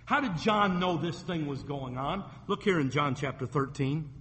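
A man's voice: on the high side, expressive, normal speed, few pauses, pushed and bright, in a large hall, slight background noise. A man preaching a sermon as a pastor, retelling scripture stories vividly and acting out the quoted voices.

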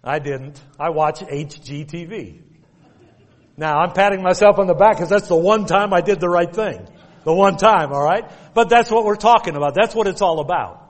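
A man's voice: sits high, normal speed. A middle-aged man preaching a sermon, telling folksy stories and repeating commands with emphasis. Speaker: pastor. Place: church sanctuary. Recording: long reverb of a church hall.

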